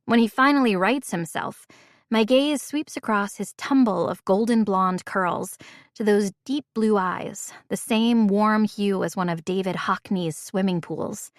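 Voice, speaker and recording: A woman's voice: medium pitch, measured pace, dry recording, studio quality. Woman narrating a first-person audiobook.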